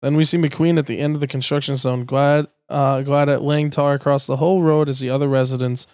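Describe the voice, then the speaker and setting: A man reads a transcript aloud in a plain, steady way and trips over words here and there. His voice sits at an ordinary middle pitch. The sound is dry and close. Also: a little fast, clear, resonant tone, no echo. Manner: plain reading with stumbles and swearing. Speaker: youtuber.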